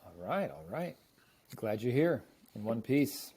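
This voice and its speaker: A man's voice: mid-range voice, very animated, unhurried, mellow, breathy edge. A man hosting a casual talk show, introducing his co-hosts in an upbeat style. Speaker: podcast host. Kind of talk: casual chat.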